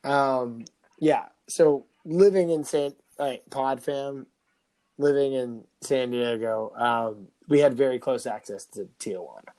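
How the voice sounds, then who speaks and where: A man's voice: mid-range voice, slow, mellow. A young man co-hosting a casual podcast, laughing often and stumbling over repeated words as he tells stories. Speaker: podcast co-host. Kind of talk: casual chat.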